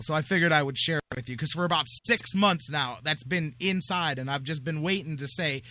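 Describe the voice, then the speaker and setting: Male sports radio host, chatty and joking, bright forceful voice. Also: fairly high pitch, no echo. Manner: chatty, joking, quick asides. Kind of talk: casual sports talk radio.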